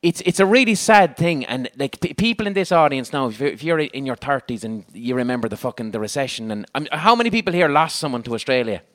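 A man's voice: medium pitch, fast, few pauses. An Irish man hosting a live comedic chat in front of an audience, swearing a lot and laughing often. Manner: animated, swearing, bursts of laughter. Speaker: podcast host.

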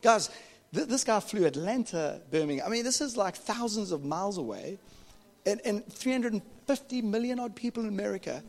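A fairly high-voiced man preaches to his congregation. He tells a lively story full of jokes, and his voice rings out with a long reverb in the church hall. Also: a little fast, creaky. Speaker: pastor. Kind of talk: sermon.

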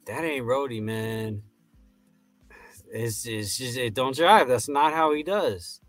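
A man co-hosting a podcast, making his case in measured casual chat. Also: medium pitch, a bit bright, no echo, soft background music. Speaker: podcast co-host.

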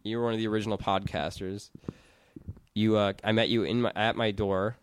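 Young male podcast founder, smooth resonant voice, loose filler-heavy rambling. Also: fairly low pitch, little pitch movement, fairly quick. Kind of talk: casual podcast chat.

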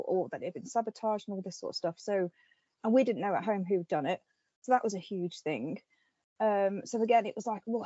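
A woman podcast host in casual chat, retelling a story with animated energy and plenty of fillers. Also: mid-range voice, dry recording, dull audio.

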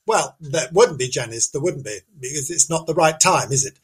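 A man's voice: on the high side, lively intonation, moderate pace, few pauses, a bit bright, breathy edge. A man hosting, telling a folk tale as a comic monologue, full of rambling self-interruptions and silly asides. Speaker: host.

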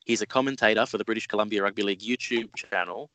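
Teasing male podcast host, low voice. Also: steady tone, quick pace, sharp tone, no room sound, poor audio. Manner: friendly, teasing, calls guest mate. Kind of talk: podcast interview.

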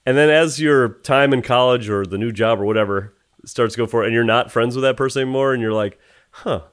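A man co-hosting a podcast, talking in an animated, jokey way and laughing often. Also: mid-range voice, fast talker, smooth. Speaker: podcast co-host. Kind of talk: casual chat.

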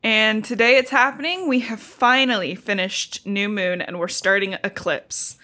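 A woman's voice: medium pitch, normal speed, sharp tone. A woman co-hosting a casual podcast with her husband, teasing and scolding him in an exasperated way. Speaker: podcast co-host. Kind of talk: casual chat.

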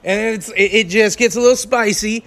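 A man telling crude, animated road stories in casual chat, laughing as he goes. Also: high voice, moderate pace, vocal fry. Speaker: touring performer. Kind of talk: raunchy casual storytelling.

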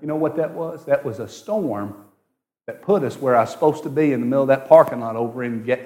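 A man preaching a sermon, telling a personal story and swinging from hushed, intimate tones to loud, excited cries. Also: mid-range voice, fairly quick.

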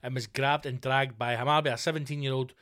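A man hosting a podcast, telling stories in a profane, animated comic rant full of mock outrage. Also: medium pitch, a little fast. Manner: swears constantly, mock outrage. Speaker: podcast host. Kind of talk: comedic rant.

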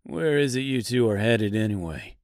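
A man voicing a deadpan metal woodman. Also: mid-range voice, normal speed, no room sound, studio quality, lightly acted. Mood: dry. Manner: flat, sardonic and matter-of-fact. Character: dry, blunt male man made of metal. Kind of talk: audiobook character voice.

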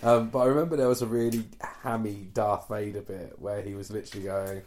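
A man's voice: fairly low pitch, little pitch movement, fast, darkish tone. A man co-hosting a podcast, joking in a self-deprecating way and laughing as he chats casually. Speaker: podcast co-host. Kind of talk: casual chat.

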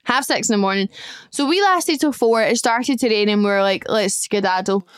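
A woman's voice: a little high, animated, a little fast, clean tone, no echo, clean studio sound. A young woman hosting a podcast, telling holiday stories in a chatty, gushing way and swearing casually. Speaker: podcast host. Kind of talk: casual solo storytelling.

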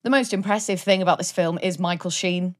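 Woman co-host, lower voice, chatty film talk. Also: a little fast. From Wales. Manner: chatty and enthusiastic, laughs often. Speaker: podcast co-host. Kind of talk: casual film review chat.

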